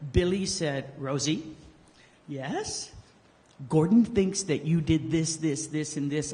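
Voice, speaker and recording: A man giving a eulogy as casual, joking storytelling, acting out the quotes he tells. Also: on the high side. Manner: joking, animated storyteller who acts out quotes. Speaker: eulogy speaker. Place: memorial service hall. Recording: long hall reverb.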